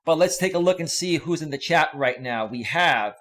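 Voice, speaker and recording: A man, a life coach, chatting casually on a live stream, reading out viewer comments with loud animated bursts and crude slang. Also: a little high, normal speed.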